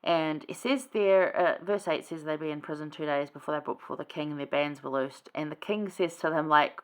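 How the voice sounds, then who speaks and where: A woman's voice: low-pitched, fairly quick, few pauses. A woman hosting a casual scripture study, chatty and rambling, with many fillers and asides.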